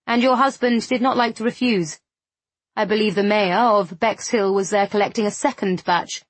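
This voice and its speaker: Woman voicing a worn-out, dryly ironic young gentleman in an audiobook, with a slightly husky tone. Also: medium pitch, normal speed, no room sound, natural voice. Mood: weary. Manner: tired, dry and understated. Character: weary, wry young gentleman helper.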